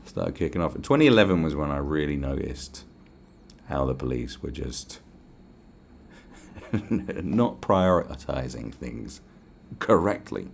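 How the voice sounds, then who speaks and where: A man's voice: rumbling low, big pitch swings, measured pace, gravelly, slight background noise. A man with a British accent hosting a podcast, ranting in a casual, profane, sarcastic way. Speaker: podcast host.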